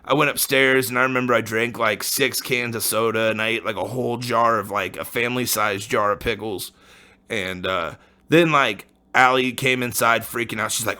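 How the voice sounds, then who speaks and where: Bright-voiced man telling a rambling story. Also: medium pitch, fairly quick. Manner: rambling, profane slang, frequent laughs. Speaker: podcast host. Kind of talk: casual storytelling.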